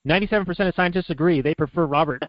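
Man, podcast co-host, dry teasing remarks, slightly high voice, dry lo-fi sound. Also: racing, no echo. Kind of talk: casual chat.

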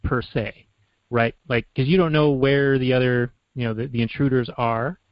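A male co-host muses aloud in a relaxed, casual manner, with some fillers. His voice sits at a middle pitch. The sound is dry, with no room echo, and dull and lo-fi. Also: normal speed. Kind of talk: casual chat.

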